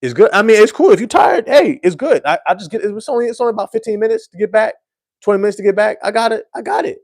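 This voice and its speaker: A man's voice: high voice, animated, quick pace, a little mellow, no room sound, studio quality, voice pushed up. A man voicing a tipsy young man who defensively and repeatedly insists he is fine to drive. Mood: insistent.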